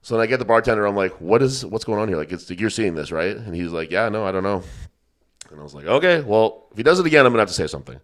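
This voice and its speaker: A man's voice: lowish voice, expressive, very fast, fairly bright tone. A man hosting a podcast, telling a rambling story with lots of swearing and laughter in a casual chat. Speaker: podcast host.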